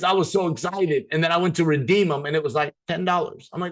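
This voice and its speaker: Upbeat man giving a sales pitch. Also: fast talker, few pauses. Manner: upbeat, persuasive, talking to a live group. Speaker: presenter. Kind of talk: sales presentation.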